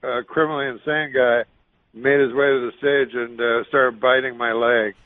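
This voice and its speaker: A man, a guest comedian, telling a halting, deadpan anecdote over a radio call-in line. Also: mid-range voice. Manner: halting, deadpan storytelling with restarts. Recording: dull lo-fi phone line.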